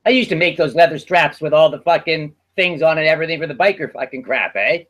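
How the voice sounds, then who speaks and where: A relaxed man with a slightly raised voice, joking dryly on a group call. He speaks easily and chuckles through his own punchlines. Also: on the high side, fast talker. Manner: laid-back, chuckling, deadpan jokes. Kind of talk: casual group chat. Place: online voice call.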